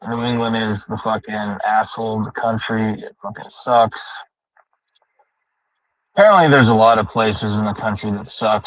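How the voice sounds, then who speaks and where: Driving home, this man streams live from his car, swearing heavily as he rants, rambles, and thinks out loud to his chat in a casual monologue. He has a lowish, slightly bright voice, and the recording is rough.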